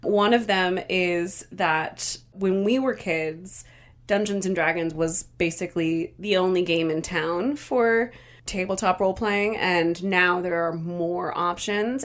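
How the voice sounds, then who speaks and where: A woman co-hosting a podcast in casual chat, laughing often and talking with fillers and restarts. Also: on the low side. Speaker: podcast co-host.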